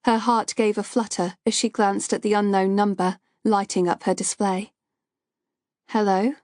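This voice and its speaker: A woman narrating a thriller audiobook in a steady, measured storytelling voice. Her pitch sits in the middle of the range, and the recording is dry and close to the mic, with no room sound. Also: no echo.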